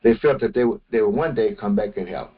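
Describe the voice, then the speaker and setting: A man teaching a morning religious session, speaking slowly and deliberately and often restarting his phrases. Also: on the low side, slightly rough, narrow, tinny audio. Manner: slow, deliberate, with many restarts. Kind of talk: morning lecture.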